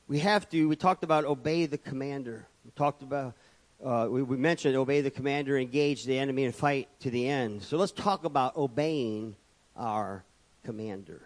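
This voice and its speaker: A man's voice: mid-range voice, moderate pace. A man preaching a sermon from the pulpit, building points through repetition and calling out for amens. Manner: preaching with rhetorical repetition and calls of amen. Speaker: pastor. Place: church.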